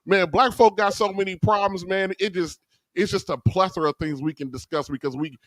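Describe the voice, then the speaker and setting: A man, a guest in casual conversation, telling a long rambling story in an animated way. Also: high voice, fairly quick, dry recording, studio quality.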